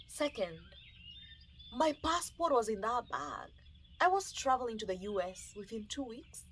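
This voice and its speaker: A woman with a Kenyan accent, telling an animated, emotional personal testimony and acting out the dialogue. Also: medium pitch, normal speed, a little hiss or hum. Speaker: storyteller.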